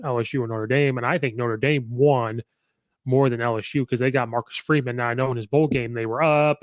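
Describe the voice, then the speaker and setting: Recorded at studio quality with no echo, this podcast host speaks in a mid-range voice. He offers casual, opinionated takes on sports, reeling off records amid plenty of fillers.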